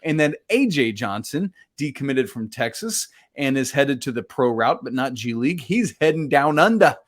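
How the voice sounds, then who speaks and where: A man's voice: mid-range voice, lively intonation, moderate pace. A man co-hosting a casual sports podcast, chatty and self-deprecating, laughing often. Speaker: podcast co-host.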